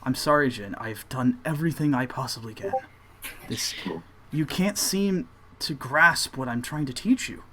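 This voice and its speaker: A man voicing a tired older male monk trainer who speaks formally and gently. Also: mid-range voice, moderate pace, a little hiss or hum, natural voice. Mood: weary.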